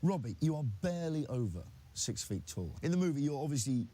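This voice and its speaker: A man's voice: a little high, sing-song, brisk, warm tone, a little hiss or hum. A man interviewing actors with jokey asides and stammering questions. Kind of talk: light-hearted interview.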